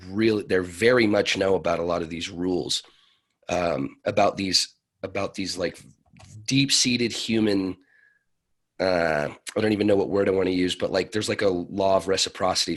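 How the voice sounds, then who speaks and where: A man guesting on a podcast, talking in a relaxed, rambling way and laughing often. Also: deep voice. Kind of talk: casual conversation.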